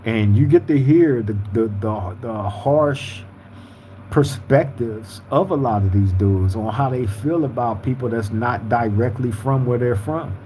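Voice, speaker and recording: A man's voice: medium pitch, measured pace, warm tone, slight background noise, poor audio. A man hosting a live podcast, chatting casually in streetwise slang and reading out viewer comments. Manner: laid-back, streetwise slang, frequent "you feel me". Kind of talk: casual live-stream chat.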